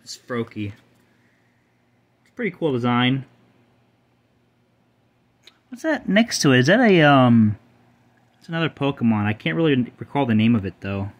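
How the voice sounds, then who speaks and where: A man's voice: medium pitch, very animated, moderate pace, long pauses, highs cut off. A young man casually showing off his card collection, rambling, swearing freely and stumbling over names. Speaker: channel host.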